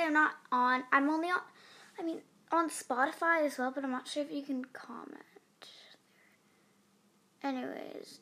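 A woman's voice: high-pitched, fairly bright tone. A teenage girl hosting her own podcast, rambling and giggly with lots of fillers. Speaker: podcast host. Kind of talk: casual chat.

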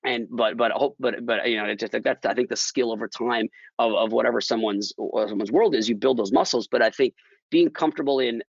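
A man's voice: mid-range voice, brisk, creaky, husky, no room sound, dull audio. A man as a podcast guest, speaking thoughtfully and emphatically with many restarts. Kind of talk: casual conversational interview.

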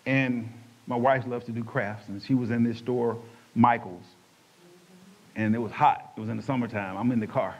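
A man, a pastor telling his testimony in an animated, colloquial way, acting out the quotes. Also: mid-range voice, moderate pace. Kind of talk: personal testimony storytelling. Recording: dull lo-fi recording.

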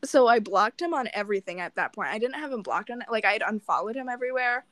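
Talking fast with lively intonation, a young woman co-host tells a dating story on a podcast, acting out both speakers and swearing often. Her voice is a little high and fairly bright, with no echo.

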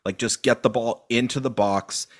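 A man in casual conversation on a football podcast, loose and animated with plenty of fillers. His voice sits at an everyday middle pitch. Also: normal speed. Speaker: podcast co-host.

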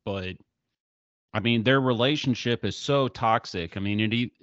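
A man's voice: medium pitch, moderate pace, a bit bright, dry recording, dull audio. A man earnestly explaining his view in a casual discussion, with many fillers.

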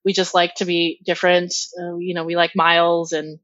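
A woman's voice: fairly low pitch, little pitch movement, moderate pace, a bit bright, dry recording, lo-fi sound. A woman in casual chat, talking loosely with fillers and laughs. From United States. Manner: chatty, laughing, many fillers.

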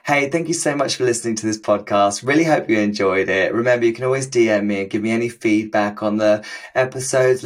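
Man, podcast host, chatty and laughing, mid pitch. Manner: chatty, laughing, swears casually. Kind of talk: casual podcast chat.

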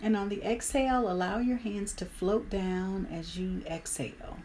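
A woman leading a guided meditation and stretching session, calm and instructive with light humor. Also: medium pitch, normal speed, slight background noise. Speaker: meditation leader.

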